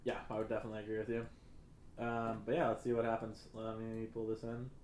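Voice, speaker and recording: A man casting a video game match in a casual, relaxed way, with frequent fillers. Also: lowish voice, quick pace, reverberant, a little hiss or hum. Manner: relaxed, hesitant with many fillers. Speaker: esports caster. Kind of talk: casual esports commentary.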